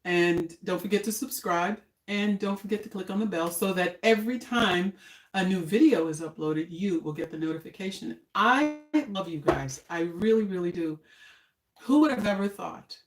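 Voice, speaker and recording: An older woman chatting casually on a home cooking live stream, homey and relaxed, talking while she eats. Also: fairly low pitch, reverberant. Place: home kitchen.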